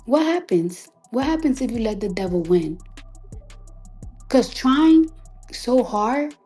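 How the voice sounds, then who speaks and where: A woman's voice: a little high, sing-song, soft background music. Defiant woman, emphatic and profane. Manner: slows to a hushed whisper at times. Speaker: recording artist. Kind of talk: emotional monologue on a live audio chat.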